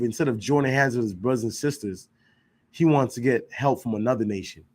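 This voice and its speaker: A man leads an informal scripture class in a loose, slangy way. He presses his points with rhetorical questions and keeps checking that his listeners follow him. His voice sits in an ordinary middle pitch. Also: a little fast. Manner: emphatic, rhetorical questions, slangy, keeps asking "you know what I'm saying". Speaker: class teacher.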